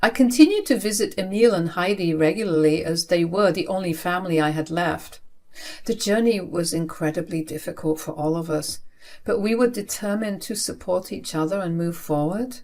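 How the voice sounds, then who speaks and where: A woman's voice: lowish voice, moderate pace. Woman in her twenties telling a story. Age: 20s. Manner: steady, earnest retelling. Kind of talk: first-person story narration.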